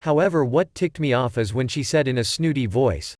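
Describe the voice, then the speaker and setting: A man's voice: mid-range voice, animated, brisk, darkish tone, dry recording. Man narrating a story, dry sound. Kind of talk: scripted first-person narration.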